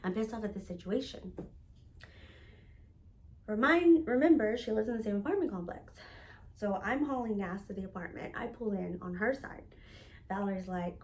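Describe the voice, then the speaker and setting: A young woman telling a personal story in a casual, profane, animated way, acting out the lines of the people in it. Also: medium pitch, moderate pace, pauses often, slight background noise. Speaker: storytelling vlogger.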